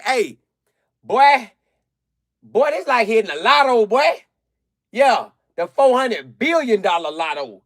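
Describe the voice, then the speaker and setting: Young man hosting a live stream, high-pitched and excitable, close dry mic, loops back on his own words for emphasis. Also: normal speed, dry recording. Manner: animated, excitable, repeats phrases for emphasis. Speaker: live-stream host answering chat. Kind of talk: casual live chat commentary.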